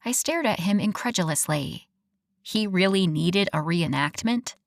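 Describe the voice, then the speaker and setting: Gravelly-voiced woman narrating a romance audiobook. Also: lowish voice, lively intonation, measured pace, no room sound, clean studio sound. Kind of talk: first-person audiobook narration.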